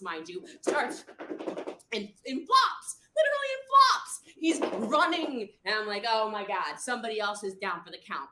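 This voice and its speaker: A woman's voice: mid-range voice, noisy background. A woman on a livestream telling a long story, rambling and acting out what people said. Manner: rambling, acts out quotes. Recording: echoey room.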